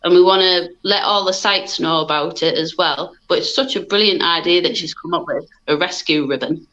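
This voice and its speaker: A woman's voice: on the low side, moderate pace, fairly bright tone. A British woman enthusiastically explaining an idea as a podcast guest. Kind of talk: casual podcast chat. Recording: dull, muffled audio.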